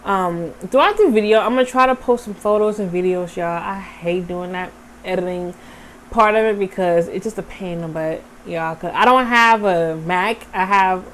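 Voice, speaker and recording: Animated young woman chatting to viewers. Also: on the low side, moderate pace, a little hiss or hum. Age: young adult. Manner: animated, talks straight to viewers. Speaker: vlogger. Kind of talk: casual storytime chat.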